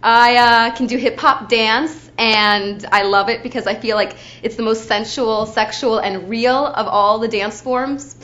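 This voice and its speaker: A woman's voice: on the high side, fairly even intonation, a little slow, few pauses, a bit bright. A young adult woman from Ukraine giving an audition slate, chatty and bubbly, often saying "like.". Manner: chatty, bubbly, uses lots of "like". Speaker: actor auditioning. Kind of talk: audition slate, self-introduction. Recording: dull lo-fi recording.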